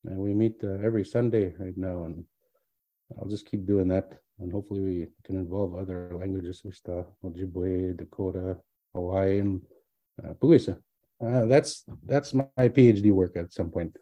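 Sitting low with a steady tone and moderate pace, this middle-aged man's voice is recorded with no room sound and the highs cut off. A language teacher and doctoral student, he rambles casually through his own story, restarting frequently and slipping in words from another language.

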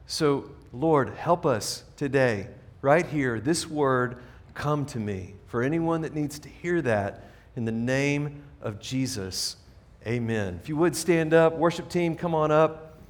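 A man's voice: mid-range voice, expressive, slow pace. A middle-aged man preaching a sermon in a church, earnest and conversational, often restarting his sentences as he speaks to the congregation. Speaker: pastor. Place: church sanctuary.

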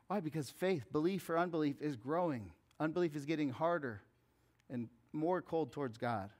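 A pastor preaching a conversational sermon that rises to fervent appeals. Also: male voice, on the high side, animated, moderate pace.

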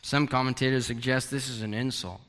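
A man preaching a sermon, animated, sometimes acting out a prophet's anguished questions. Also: medium pitch, a little fast. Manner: animated, acts out Habakkuk's questions. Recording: long hall reverb.

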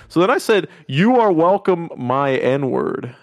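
A man's voice: a little high, very animated, a little slow, no echo, faint music behind. A man co-hosting a podcast, telling crude, joking stories in casual chat. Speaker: podcast co-host. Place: podcast studio.

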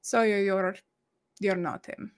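A woman playing a tabletop game, expressive and exclamatory, swearing freely. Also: medium pitch, slow, smooth. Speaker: player. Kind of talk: casual tabletop play.

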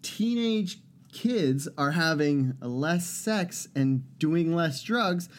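A man's voice: on the high side, expressive, very slow. A man co-hosting a podcast, trading wry jokes in casual chat. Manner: wry, joking banter. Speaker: podcast co-host.

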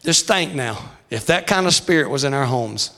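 A man preaching a revival sermon, shouting in a sing-song cadence, his voice wearing out. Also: mid-range voice, lively intonation, moderate pace, gravelly.

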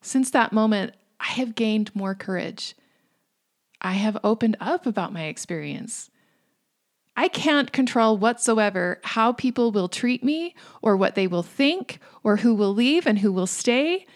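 A woman in her thirties giving a reflective devotional talk in a gentle, earnest way, sometimes dropping to a hush. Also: on the high side, animated, measured pace. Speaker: faith speaker.

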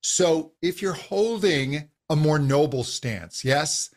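A middle-aged man with a voice pitched a little high for a man talks as a vocal coach. He explains anatomy and technique steadily and clearly, like a teacher walking a guest through the basics. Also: slow pace. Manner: calm, instructive, uses physical demonstrations of voice. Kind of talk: explanatory interview answers.

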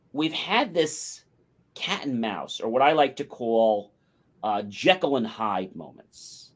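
A man co-hosting a talk show, telling a long personal story and acting out the quotes. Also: mid-range voice. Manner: animated anecdote with acted-out quotes. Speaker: podcast co-host. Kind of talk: casual storytelling.

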